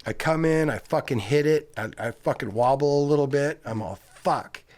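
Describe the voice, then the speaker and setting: A man's voice: a little high, normal speed. A middle-aged man from California, a guest skateboarder, telling rambling, profane stories in a casual interview. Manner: profane, rambling, animated storyteller.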